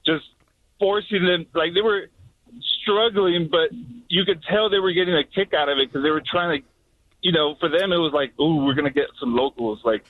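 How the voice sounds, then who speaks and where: A man calling in to a radio show, telling a story in an animated, laughing way, heard over a tinny phone line. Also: high-pitched, moderate pace. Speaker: caller.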